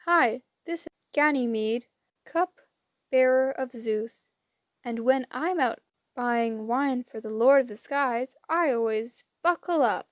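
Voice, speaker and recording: A woman's voice: fairly high pitch, slow pace, no room sound. A woman doing Ganymede, a chipper announcer. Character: cheery male cupbearer, prerecorded safety announcement.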